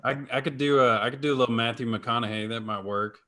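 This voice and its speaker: A man's voice: mid-range voice, fairly even intonation, fast talker, pushed and bright. A man from Texas, a panel guest, chatting in a good-humored, self-deprecating way. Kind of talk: casual online chat.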